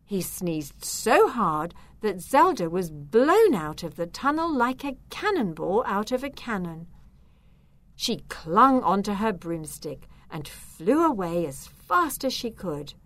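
Woman storyteller for a kids' book, slow, very lively pitch. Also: no echo. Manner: expressive, unhurried. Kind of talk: children's story reading.

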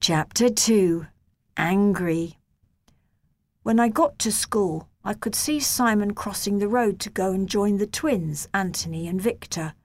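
A woman reading a children's novel aloud in a gentle, measured first-person storytelling voice. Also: fairly low pitch, breathy edge. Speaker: audiobook narrator.

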